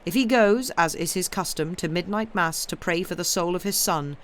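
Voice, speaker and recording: A woman's voice: lowish voice, moderate pace, natural voice. A woman reading the lines of a stern, commanding male duke in a storybook reading. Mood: urgent. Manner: harsh, commanding.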